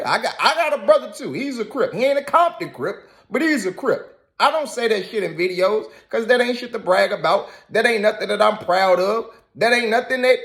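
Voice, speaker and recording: A man hosts a reaction commentary with a high, animated voice. He scolds his subject with emphatic repetition. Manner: scolding, emphatic, repeats phrases. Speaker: commentary host.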